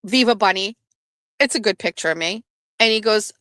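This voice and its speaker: A woman's voice: mid-range voice, normal speed, pauses often, no echo, clean studio sound. A woman hosting a casual live stream, telling a story with swearing and acted-out quotes. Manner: animated, swearing, acts out quoted voices. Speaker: host.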